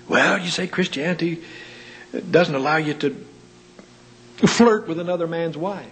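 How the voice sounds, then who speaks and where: A man preaching a sermon, asking rhetorical questions and telling anecdotes with dry humor. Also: low-quality recording. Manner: rhetorical questions with wide pitch swings.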